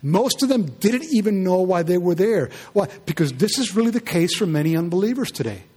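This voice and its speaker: A pastor preaching a sermon, animated and firing rhetorical questions at his congregation. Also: high-pitched, a little fast, breathy edge.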